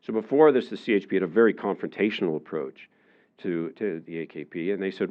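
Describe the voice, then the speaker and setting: A man giving a public lecture in a relaxed, conversational way, with many fillers, often acting out the voices of the people he quotes. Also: deep voice, a little fast, lo-fi sound. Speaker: university lecturer. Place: lecture room.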